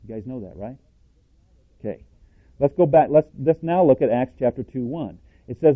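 A plain-spoken man teaching a scripture-based sermon, emphatic and quizzing his listeners with rhetorical questions. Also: mid-range voice. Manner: self-described cowboy, plain-spoken. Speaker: Bible teacher. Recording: tinny phone-like audio.

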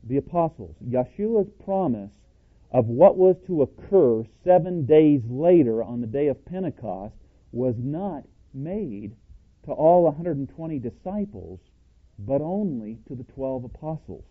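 A plain-spoken, self-described cowboy preacher teaching from scripture in a mid-pitched voice. He is emphatic and keeps quizzing his listeners with rhetorical questions. The sound is thin and tinny, like a phone line. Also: expressive, measured pace, husky. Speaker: Bible teacher. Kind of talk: scripture-based sermon teaching.

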